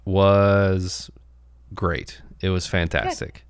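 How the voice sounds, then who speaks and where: A man's voice: low-pitched, flat delivery, very slow, clear, resonant tone, dry recording, studio quality. A man hosting a podcast, chatting casually about movies and rambling with frequent restarts. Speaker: podcast host.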